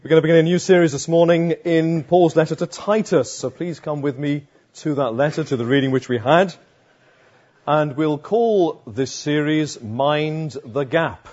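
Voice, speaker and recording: A man's voice: on the high side, normal speed, darkish tone. A man with a sore throat preaching a sermon as pastor, asking and answering his own rhetorical questions. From London area, England. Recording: dull lo-fi sound.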